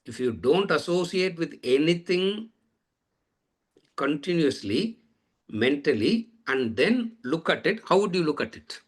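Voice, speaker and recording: A man's voice: fairly high pitch, sing-song, a little slow, husky. A man teaching a lecture on scripture, repeating phrases and asking rhetorical questions. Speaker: Vedanta teacher.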